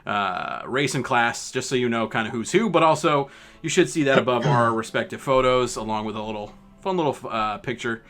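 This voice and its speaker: A man's voice: mid-range voice, fairly quick, fairly bright tone. A man hosting a tabletop game stream, introducing the players in a rambling way with many fillers and restarts. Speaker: host.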